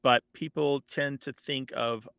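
Guy explaining words on air, bright gravelly voice, dry close sound. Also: mid-range voice, steady tone, unhurried, no echo. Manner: thoughtful, with fillers and restarts. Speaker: language expert guest. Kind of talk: conversational explaining.

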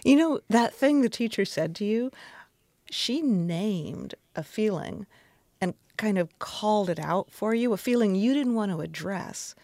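A woman's voice: medium pitch, expressive, unhurried, dark tone, dry recording. A woman interviewer asking thoughtful, probing questions.

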